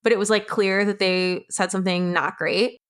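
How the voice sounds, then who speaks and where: A woman's voice: mid-range voice, fairly even intonation, normal speed, clean tone. A young adult woman, a guest on the show, recounting a personal story in a blunt, candid way and swearing freely. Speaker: podcast guest.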